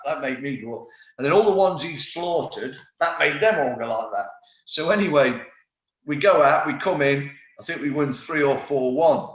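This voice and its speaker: A man in his fifties tells rambling stories of his playing days, often restarting mid-sentence. His voice sits in a middle register. The recording is roomy and a little dull. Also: medium pitch. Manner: lively storyteller, rambling with restarts. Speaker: former footballer, podcast guest. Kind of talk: casual anecdote-telling interview.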